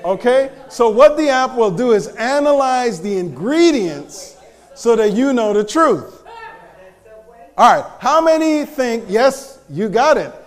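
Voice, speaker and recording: High-voiced man joking with a crowd. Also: slow. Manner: animated, joking, teasing the crowd. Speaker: speaker presenting to an audience. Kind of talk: live talk to an audience.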